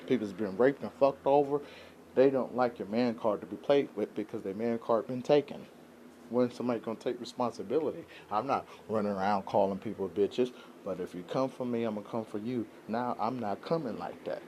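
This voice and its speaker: A man's voice: fairly low pitch, fairly quick, mellow, a little hiss or hum. A man talking straight to his camera in an unscripted vlog, venting in a rambling, aggrieved way and often checking in with his listeners. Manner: rambling, aggrieved venting, keeps asking "you know what I'm saying". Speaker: vlogger.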